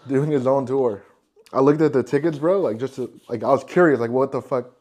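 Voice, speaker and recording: A man in a casual podcast chat with a middle-pitched voice. He talks in loose slang, swears, and ends most lines with "bro.". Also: normal speed, darkish tone. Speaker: podcast host.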